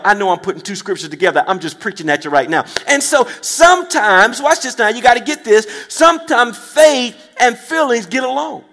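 A man's voice: extremely high pitch, animated, brisk, hardly any pauses, pushed and bright. A man preaching a sermon, emphatic and repetitive, often calling out to his listeners to check they follow. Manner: emphatic call-and-response, repeats phrases, checks in with listeners. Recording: long reverb of a large hall.

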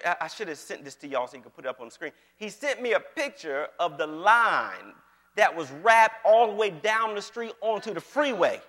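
High-voiced, animated male pastor preaching. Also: in a large hall. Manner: animated, keeps checking in with the congregation. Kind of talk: conversational sermon.

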